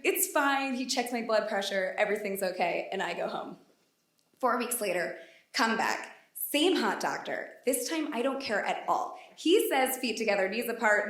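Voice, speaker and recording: A woman in her late thirties telling a candid, wry personal story to a live audience on stage. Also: fairly high pitch. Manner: candid, wry and self-deprecating. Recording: echoey hall, voice from far off.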